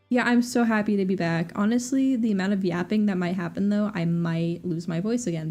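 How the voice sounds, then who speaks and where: A young woman chats casually on her stream, rambling from one thing to the next and tossing in sarcastic asides. Her pitch sits in an ordinary middle range for a woman. Soft music plays faintly behind her. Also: moderate pace. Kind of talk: casual chat.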